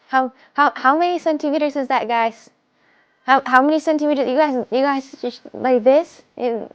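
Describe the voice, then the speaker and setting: A woman's voice: high-pitched, clean tone, dull audio. A woman with a Russian accent chatting casually on a live stream from home, rambling and often stumbling over and repeating her words.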